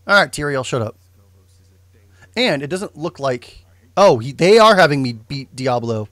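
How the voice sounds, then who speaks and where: A young man streams a game and gives loose, rambling commentary, frequently correcting himself and throwing in jokes. His fairly high, fairly bright voice is expressive and unhurried, with no room sound.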